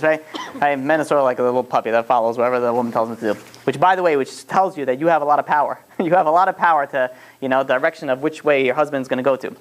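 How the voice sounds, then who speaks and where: A man's voice: mid-range voice, fast. A man teaching a religious lesson in a casual, rambling storytelling way, full of fillers and restarts. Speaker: Torah teacher.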